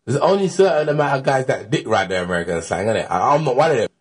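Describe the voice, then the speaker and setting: A man's voice: mid-range voice, fast talker, husky. A young man from East London with a Cockney accent, a rapper chatting casually and with swagger in an interview. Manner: animated, swaggering.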